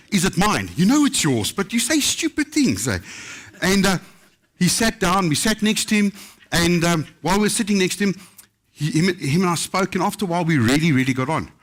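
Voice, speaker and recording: A middle-aged man, a chef, telling anecdotes in a casual, lively storytelling way at a book festival and acting out the quotes. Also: high-pitched, brisk.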